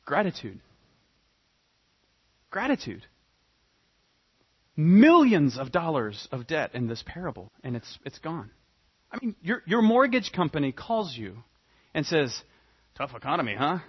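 A man preaching a sermon with a husky, somewhat high voice. He swings dramatically between loud, pressing emphasis and soft, hushed asides. The sound is a little dull and muffled. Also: huge pitch swings, measured pace, pauses often. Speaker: pastor.

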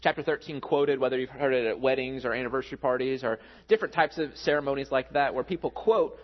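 A man's voice: medium pitch, quick pace. A man in his thirties, a pastor preaching a sermon in a conversational, earnest way. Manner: conversational, earnest, builds up when telling stories. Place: church hall. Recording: muffled with a long hall echo.

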